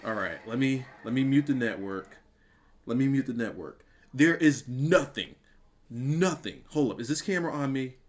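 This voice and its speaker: A young man reacting live on camera for his review channel, stunned and repeating exclamations, with bursts of shouting. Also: mid-range voice, normal speed. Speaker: wrestling reviewer.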